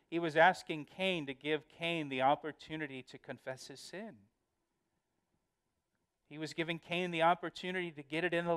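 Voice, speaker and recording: A man's voice: fairly high pitch, clear, resonant tone. A male pastor giving a verse-by-verse Bible study, earnest and emphatic, often repeating words as he explains.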